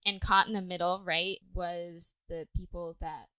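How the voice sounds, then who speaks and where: A woman's voice: on the low side, flat delivery, measured pace, pushed and bright, clear, resonant tone, no echo, poor audio. A young adult woman co-hosting a casual podcast, telling a history story with plenty of swearing and tangents. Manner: swears freely, chatty and tangent-prone.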